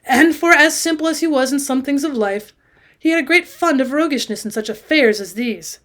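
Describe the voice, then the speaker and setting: A woman's voice: high-pitched, expressive, normal speed, a bit bright. A woman reading a classic novel aloud for students, raising her voice for the dialogue. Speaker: audiobook reader and teacher.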